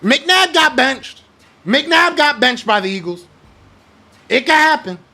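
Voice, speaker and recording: A young man with a high, bright voice and a gravelly fry, ranting about sports. He talks blunt and slangy, hammering his points with fired-up emphasis between chat shout-outs. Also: big pitch swings, slow pace. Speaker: podcast host. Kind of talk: heated sports rant, reading live chat.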